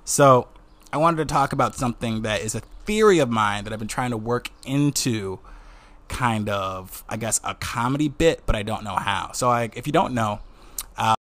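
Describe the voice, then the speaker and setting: A man in his twenties from Wisconsin with a Wisconsin accent, hosting a casual solo podcast in an excitable, joking way. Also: mid-range voice, moderate pace. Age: 20s. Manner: excitable, jokey, swears casually. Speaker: podcast host.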